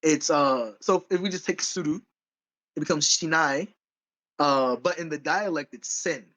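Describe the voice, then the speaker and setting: A man's voice: a little high, unhurried, bright, forceful tone, low-quality recording. A man co-hosting a podcast in casual chat, rambling and correcting himself as he goes, with frequent laughs. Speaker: podcast co-host.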